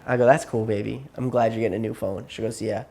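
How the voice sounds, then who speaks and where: A man's voice: fairly low pitch, fairly even intonation, fast, gravelly, darkish tone, slight background noise. A man telling a long story to his therapist, rambling and repeating himself, tired and burnt out. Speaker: client in therapy session.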